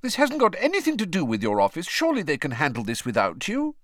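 A man's voice: on the high side, wildly swooping pitch, fast, a bit bright, dry recording, studio quality, voice pushed up. A man reading aloud and voicing a fussing middle-aged mother, a witch, in an anxious, protesting tone for a storybook. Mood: worried.

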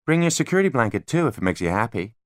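A man's voice: mid-range voice, big pitch swings, rapid-fire, no room sound, clean studio sound, voice pushed up, natural voice. A man voicing a friendly, indulgent female tour guide with a sing-song, humoring manner in an audiobook.

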